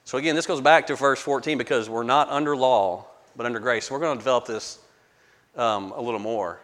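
A man's voice: mid-range voice, fairly quick, fairly bright tone, in a large hall. Man leading a casual Bible study. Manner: conversational, repeats words, asks the group questions. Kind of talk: verse-by-verse Bible study teaching.

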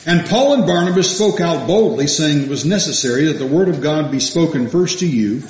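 A man preaching a sermon, reading scripture aloud and asking his listeners questions, rising to emphatic peaks and dropping to soft asides. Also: on the high side, lively intonation, a little fast. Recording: echoey room.

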